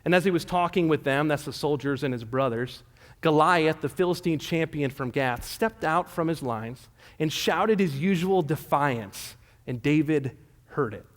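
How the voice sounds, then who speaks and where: A man's voice: on the high side, moderate pace. A male pastor giving a sermon, retelling a scripture story in a casual, conversational way. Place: church sanctuary. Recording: echoey church hall.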